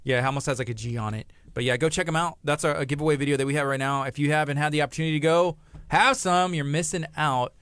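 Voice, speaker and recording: A man's voice: on the high side, fast, fairly bright tone, smooth, dry recording. Radio co-host, male, 30s, chatty and laughing, dry close studio sound. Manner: chatty, laughs often, tells anecdotes. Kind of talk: casual morning radio chat.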